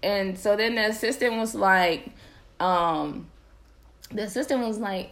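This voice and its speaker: A woman's voice: medium pitch, a little slow. A young woman hosting a podcast, chatting casually and animatedly to her viewers, laughing often. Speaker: podcast host.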